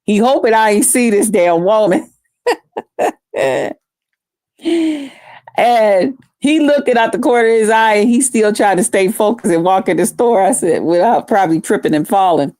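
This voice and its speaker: A woman vlogger telling a story casually to her viewers, animated and profane. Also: mid-range voice, measured pace, no room sound, clean studio sound.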